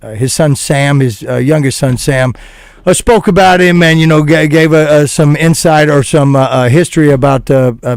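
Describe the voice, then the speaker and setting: Halting man on morning radio. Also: mid-range voice, clear, resonant tone, dry recording, studio quality. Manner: halting, earnest talker with many fillers. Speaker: radio show co-host. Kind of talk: casual morning radio banter. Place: radio studio.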